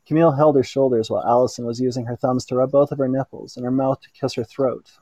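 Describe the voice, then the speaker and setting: A man reading an erotic story aloud in an unhurried way, now and then stumbling and correcting himself. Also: mid-range voice, fairly even intonation, mellow, no room sound. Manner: unhurried reading with small slips and self-corrections. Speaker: narrator.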